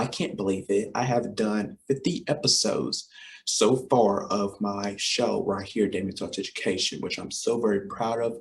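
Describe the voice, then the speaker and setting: A lively young man in his twenties talks straight to his audience in a somewhat low voice, keen and full of repeats and fillers. A faint hiss of noise sits under the recording. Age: 20s. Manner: enthusiastic, repetitive, lots of fillers and direct address. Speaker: host. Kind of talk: casual solo talk show.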